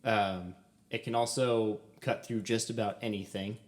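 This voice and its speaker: A man's voice: fairly low pitch, fairly even intonation, a little slow. A young man co-hosting a casual podcast about a film. He talks eagerly with many "um"s and laughs often. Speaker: podcast co-host.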